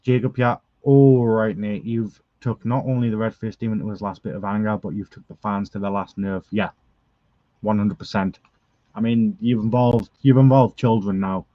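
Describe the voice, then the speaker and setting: A man's voice: fairly low pitch, steady tone, normal speed, long pauses, no echo, dull audio. A man cutting a dramatic, emotional wrestling promo as general manager. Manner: dramatic, earnest, emotional outbursts.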